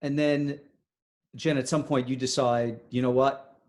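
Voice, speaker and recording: Guy hosting a podcast, halting rambly questions, average pitch. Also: little pitch movement, a little mellow. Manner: stop-start, searching questions. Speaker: podcast host. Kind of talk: podcast interview.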